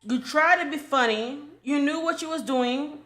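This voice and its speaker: A woman's voice: high voice, moderate pace, pushed and bright. A young adult woman giving a casual commentary rant, blunt and profane, scolding and repeating herself to drive the point home. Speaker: commentary creator.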